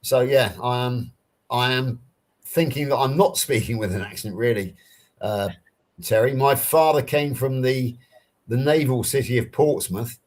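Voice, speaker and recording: A man's voice: medium pitch, a little slow, darkish tone. An Englishman with a Southern English accent, chatting casually on a live stream video call and explaining things through personal anecdotes. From England. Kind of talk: casual chat.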